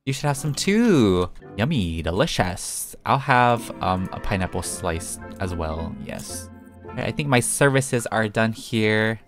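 His voice is on the low side, unhurried, with big pitch swings, and soft music plays in the background. He's a young gaming YouTuber, playful and chatty, talking to himself during play and giggling a lot.

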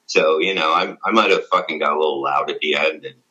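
A man's voice: rumbling low, fast, sharp tone, highs cut off. A middle-aged man telling a rambling, profane story in casual conversation, with lots of fillers. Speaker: former radio show regular, guest.

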